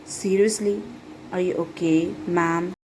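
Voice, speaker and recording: A woman voicing a frustrated, sarcastic young man who works as a secretary, over steady background noise. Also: lowish voice, measured pace, poor audio. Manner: sarcastic, clipped.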